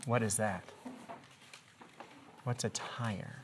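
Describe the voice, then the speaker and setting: Really deep gravelly lady teacher, patient, stretches out the phonics rules with little kids. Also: steady tone, a little hiss or hum. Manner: patient, asks many questions, draws out phonics patterns slowly. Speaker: kindergarten teacher. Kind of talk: classroom reading lesson. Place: classroom with small children.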